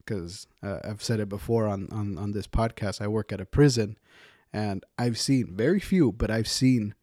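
A man with a fairly low voice speaking on a podcast. He talks hesitantly and repeats words as he goes. The sound is dry and close. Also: moderate pace, mellow, no room sound. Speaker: podcast co-host. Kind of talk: casual podcast discussion.

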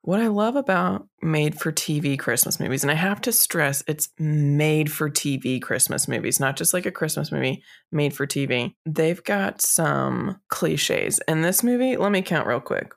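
A woman's voice: low-pitched, expressive, a little slow, vocal fry, hardly any pauses. Chatty woman running through a list. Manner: chatty, runs through lists with light swearing. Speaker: podcast co-host. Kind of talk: casual chat.

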